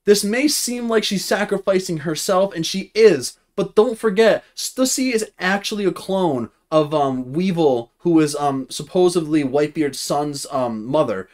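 A man's voice: on the high side, a little slow, hardly any pauses. Chatty young man rambling through a manga review. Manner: rambling, many fillers and restarts, reads character lines flatly. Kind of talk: casual commentary reading out a manga chapter.

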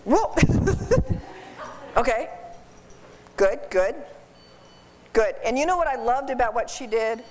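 A woman instructor teaching dog behavior to a live class in an animated, joking way, quizzing the class as she goes. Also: fairly high pitch, unhurried, pauses often. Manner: animated, jokey, asks the class questions. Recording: roomy hall from a distance.

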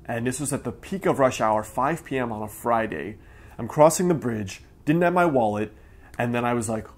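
A man's voice: medium pitch, moderate pace. A man, the acupuncturist who hosts the channel, giving an earnest and emphatic talk straight to camera. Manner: earnest, emphatic, acts out quoted voices.

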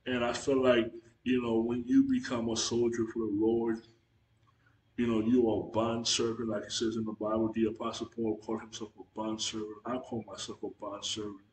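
A man giving an earnest, halting religious testimony to the camera, repeating himself and restarting his sentences. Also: on the low side, level tone, a little mellow, slight background noise. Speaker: Christian video testifier. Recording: echoey room.

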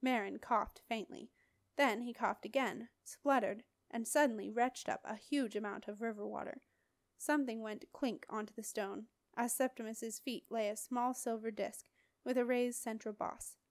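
Woman reading a storybook aloud, a bit high pitched, super dry close mic. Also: fairly even intonation, normal speed, no echo. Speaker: audiobook reader. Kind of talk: scripted narration.

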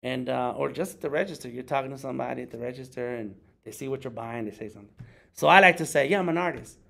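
This middle-aged artist talks fast at a casual workshop, his gravelly voice fairly bright in tone. He chats conversationally and mimics other people in high, playful voices.

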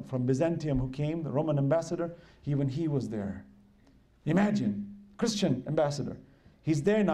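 Man preaching a lecture; high-ish, warm, mellow delivery that dramatizes the quotes it retells. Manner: emphatic, acts out quoted dialogue in retellings. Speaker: religious lecturer. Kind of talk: religious lecture with dramatic storytelling.

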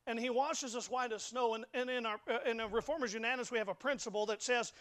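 A man's voice: extremely high pitch, steady tone, fast, few pauses, a bit bright. A young man preaching a sermon in a church, folksy and emphatic, often stammering and repeating words. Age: young adult. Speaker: pastor. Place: church sanctuary.

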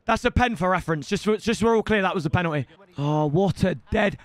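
A young man streaming a football game, loud and excitable, breaking into shouts. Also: high voice, fast talker. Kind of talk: excitable gaming livestream.

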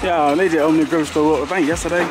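A man's voice: on the high side, rapid-fire. A man, chatting casually to the camera as a family vlogger, telling stories to his viewers. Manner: animated, laughing storyteller addressing viewers as y'all. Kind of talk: casual vlog chat to camera. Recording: noisy background.

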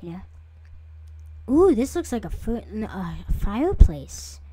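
A woman's voice: a little high, very animated, moderate pace, dark tone, slightly rough, dry recording. A young woman chatting through a game as she plays it, talking to her viewers and jumping into startled squeals. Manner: chatty, jumpy, easily startled, with sudden squeals. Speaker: gaming video creator. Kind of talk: casual let's-play commentary.

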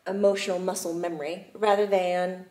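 A woman's voice: on the low side, little pitch movement, a little fast, darkish tone. A woman hosting a talk show, asking playful, curious questions of her guest. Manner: inquisitive, playful. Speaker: host and medium. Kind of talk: casual chat.

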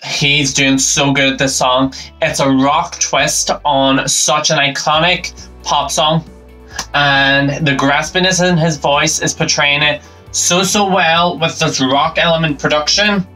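An upbeat man with a fairly high voice hosts a reaction video. He talks over a live performance, giving eager running commentary. Loud concert music plays clearly behind his voice. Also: fairly even intonation, slow, poor audio. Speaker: reaction channel host.

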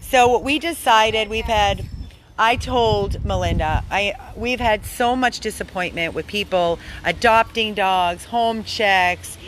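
Filming in a yard with her phone in hand, a dog rescuer talks through her vlog in eager, rambling spurts. Her medium-pitched voice is a bit bright, with slight background noise.

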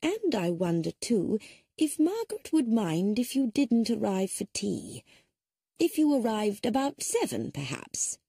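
In an exaggerated, pushed-up performance, a woman with a slightly high voice plays an elderly spinster sleuth for an audiobook. Her speech is very animated and a little slow, with vocal fry and a mellow, slightly rough quality. Mild, polite and gentle yet sharp-witted, the character reasons carefully, recorded with studio quality and no echo.

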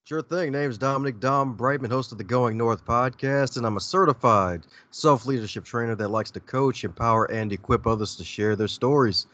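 A man's voice: mid-range voice, moderate pace, hardly any pauses, sharp tone, no echo. A man who is a podcast guest and coach, talking easily and laughing often over a video call. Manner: upbeat, laughs often, easygoing. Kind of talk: casual interview.

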